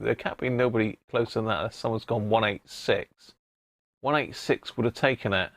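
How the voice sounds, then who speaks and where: A man's voice: mid-range voice, moderate pace, no echo, studio quality. A jovial man hosting a casual live stream, chatting and laughing with his viewers. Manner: jovial, laughing banter with chat. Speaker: live-stream host restoring a vintage radio.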